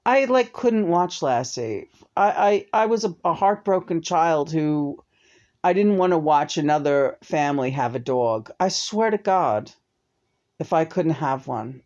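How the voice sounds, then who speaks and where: A woman's voice: deep voice, animated, unhurried, a little mellow. A woman co-hosting a casual couple's chat show, talking candidly and chattily and swearing freely.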